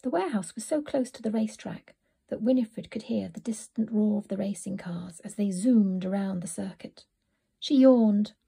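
A woman narrating a children's storybook in a soft, often whispered reading voice. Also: mid-range voice, normal speed, creaky, slightly rough.

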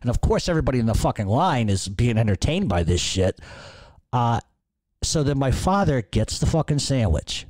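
A man's voice: mid-range voice, big pitch swings, moderate pace, a little mellow, no echo. A man hosting a podcast, telling a rambling, profanity-laced story. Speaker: podcast host. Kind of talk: casual storytelling.

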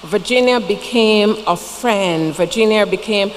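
A woman's voice: medium pitch, measured pace. Barbadian lady giving a eulogy, folksy chatty storytelling, long church echo, little bit of hiss. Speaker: eulogy speaker. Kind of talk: funeral tribute speech. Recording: long church reverb, faint noise.

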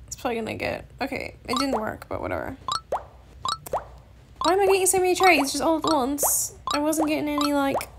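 A woman's voice: high voice, big pitch swings, fairly quick, background noise. A young woman hosting a gaming video, chatting casually and hesitantly with lots of fillers. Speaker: gaming channel host. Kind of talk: casual gameplay chat.

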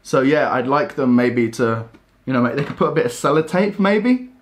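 A young man rambling excitedly while unboxing a coffee machine in a casual vlog. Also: medium pitch, normal speed. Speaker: coffee vlogger.

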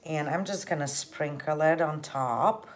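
A woman hosting a casual cooking stream, chatting gently with viewers and laughing often as she bakes. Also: deep voice, a little slow. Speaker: cooking show host.

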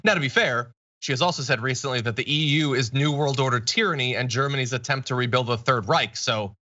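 A man hosting an online political talk show, mocking quotes with deadpan sarcasm. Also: medium pitch, fast talker, highs cut off, a little hiss or hum. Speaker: show host.

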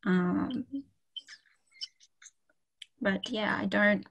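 Slow-paced woman tutoring over a video call. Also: medium pitch, vocal fry, fairly bright tone, dull audio. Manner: slow, friendly, many ums and okays. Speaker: French tutor. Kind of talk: casual online language lesson.

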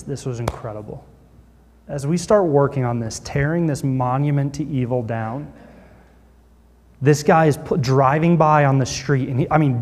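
A pastor telling a story in a sermon, animated and acting out what people said. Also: male voice, medium pitch, big-room sound.

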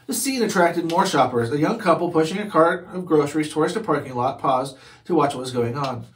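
A man reads a children's chapter book aloud. His narration is steady and clear, and his voice sits a little high for a man. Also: a little fast, a little hiss or hum. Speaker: read-aloud host.

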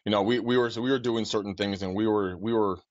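Podcast co-host guy, blunt, swears a lot, low-ish voice, kinda dull lo-fi sound. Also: steady tone, fast, a little mellow, no echo. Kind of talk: casual podcast chat.

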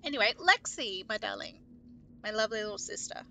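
A woman's voice: mid-range voice, expressive, brisk, vocal fry, pushed and bright, slight background noise, poor audio. A young woman live-streaming a horror game, chatting to her viewers, swearing freely and shrieking at scares. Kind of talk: casual live-stream commentary.

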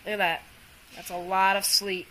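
A woman filming an excited, rambling weather vlog outdoors in a storm, stumbling over words with lots of fillers. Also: mid-range voice, moderate pace, a little hiss or hum, poor audio. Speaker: amateur weather vlogger.

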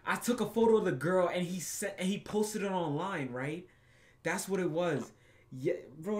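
A man hosting his gaming channel, giving casual gameplay commentary full of loud, profane, excitable reactions. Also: high-pitched, moderate pace.

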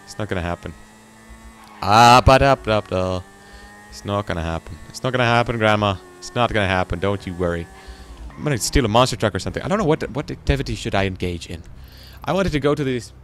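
A man's voice: fairly low pitch, animated, quick pace, a little hiss or hum. A man hosting a gaming channel, rambling and joking to himself as he plays. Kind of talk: let's play commentary.

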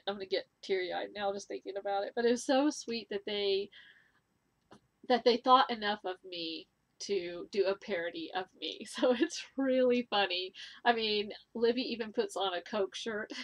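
A middle-aged woman hosting a knitting video podcast, chatting to camera in an enthusiastic, gushing way with many ums and laughs. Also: mid-range voice. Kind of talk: casual chat to camera.

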